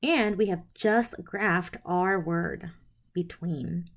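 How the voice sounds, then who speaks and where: A woman presenting a phonics lesson, speaking clearly and sounding out each letter and sound one at a time. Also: fairly low pitch, slow pace. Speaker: teacher presenting a literacy lesson. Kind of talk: instructional presentation.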